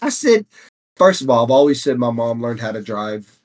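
A man co-hosting a podcast, telling teasing stories in a relaxed, drawling way. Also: medium pitch, moderate pace. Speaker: podcast co-host. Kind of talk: casual chat.

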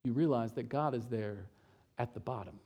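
A pastor preaching a sermon who retells scripture and voices the quotes, swinging from loud emphasis to hushed lows. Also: male voice, moderate pace.

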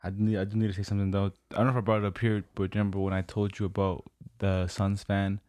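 Deep-voiced man in laid-back slang. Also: level tone, fast, a little mellow, dry recording. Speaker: podcast co-host. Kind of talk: casual chat.

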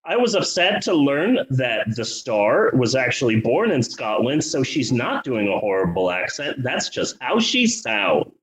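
A man's voice: mid-range voice, sing-song, measured pace, few pauses, fairly bright tone, rough recording. Sarcastic man reviewing a movie. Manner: sarcastic and profane. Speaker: podcast co-host. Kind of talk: casual movie review chat.

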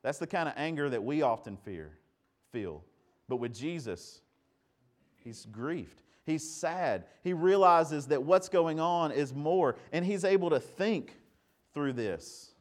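A male pastor delivers a sermon in a fairly high-pitched voice, talking to the congregation conversationally. He asks rhetorical questions and often stumbles over repeated words.

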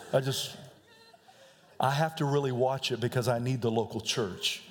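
A man preaching from the pulpit, chatty and joking, his voice held at an ordinary middle pitch. His speech trails off into long reverb from the church hall around him. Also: fairly even intonation, moderate pace. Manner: joking, conversational, laughs often. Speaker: pastor. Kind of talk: sermon. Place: church sanctuary.

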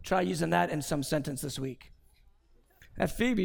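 High, gravelly preacher in a big hall. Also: male voice, moderate pace. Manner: conversational preaching with anecdotes and asides. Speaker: pastor. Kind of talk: sermon. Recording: long reverb from a large hall.

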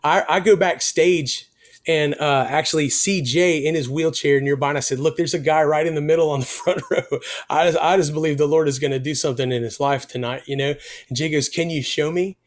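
A middle-aged worship musician telling a personal story in an interview, earnest and emotional, his voice going soft when he speaks of faith. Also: fairly high pitch, fairly even intonation, fairly quick.

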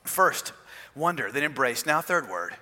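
A male pastor preaching a sermon, animated, with emphatic rises and soft drops. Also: medium pitch, measured pace, in a large hall.

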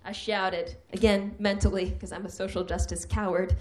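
A woman's voice: medium pitch, little pitch movement, normal speed, few pauses, darkish tone. A woman hosting a live comedy night, reading her own humorous essay with a wry delivery that builds to mock outrage.

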